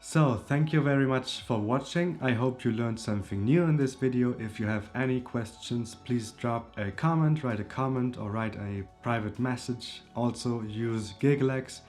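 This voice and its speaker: Man teaching pronunciation over soft music. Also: medium pitch. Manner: repeats each word slowly twice. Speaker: language teacher. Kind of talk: explaining and modeling pronunciation to camera.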